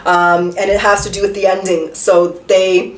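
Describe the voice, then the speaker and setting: Speaking at normal speed in a mid-range voice with little pitch movement, a woman does a laid-back tarot reading. She's chatty, asks lots of rhetorical questions, and swears now and then, while the echoey room leaves her sounding somewhat off-mic.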